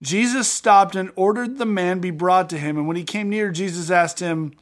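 A man co-hosting a podcast, reading scripture and retelling the stories with animated acted-out voices in a studio. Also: sits high, moderate pace. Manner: animated storyteller acting out scenes. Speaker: podcast co-host. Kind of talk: casual Bible-reading podcast chat.

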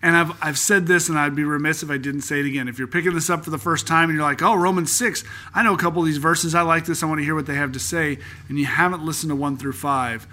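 A young man with a bright, forceful voice set a little high, hosting a casual Bible-study podcast. He talks earnestly and conversationally, then slows down to read scripture aloud. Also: fairly even intonation. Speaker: podcast host teaching through a Bible book.

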